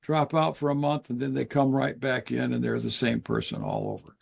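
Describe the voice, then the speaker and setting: An older man, a guest author in an interview, explaining in an earnest, measured way with pauses. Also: mid-range voice, fairly even intonation, vocal fry, husky. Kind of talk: interview conversation.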